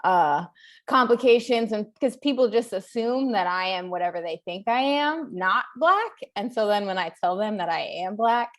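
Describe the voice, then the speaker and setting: A young woman, a staff photographer, telling a story on a panel in a hesitant, soft-spoken way with fillers. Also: medium pitch, lively intonation, normal speed. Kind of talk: casual anecdote on a panel.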